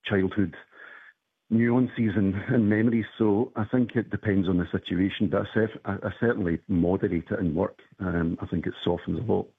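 A man with a Glaswegian accent, calling in to a radio talk show and chatting in a measured, thoughtful way. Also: low voice, steady tone, slightly rough. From Scotland. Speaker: caller. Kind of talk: phone-in chat. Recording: phone line.

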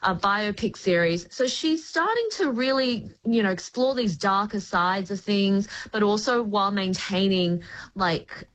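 A woman screen critic on a radio chat, explaining a series in an articulate, lively way. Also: medium pitch, measured pace, rough recording. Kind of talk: casual review chat.

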